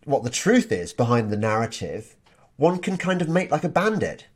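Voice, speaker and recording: A man's voice: medium pitch, very animated, normal speed, husky. A man hosting a podcast interview in a casual, chatty way, often repeating words as he restarts his sentences. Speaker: podcast host.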